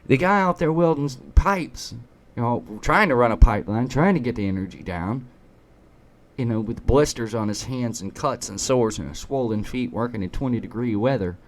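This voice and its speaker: A man's voice: medium pitch, lively intonation, normal speed, slight background noise. A man giving a ranting opinion commentary, emphatic and sarcastic, hammering at his points with repeated rhetorical questions. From United States. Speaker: political commentator.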